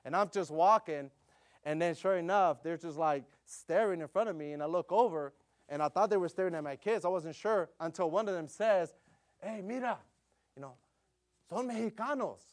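A middle-aged male preacher delivers a relaxed, story-driven sermon, speaking at a slightly higher pitch than most men. His talk is full of "you know" fillers, and he grows louder and more animated whenever he gets excited. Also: fairly quick.

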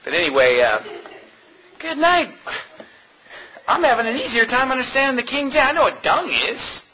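An American pastor preaching a sermon in an animated, mocking way, laughing often. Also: male voice, extremely high pitch, fast talker, highs cut off, a little hiss or hum.

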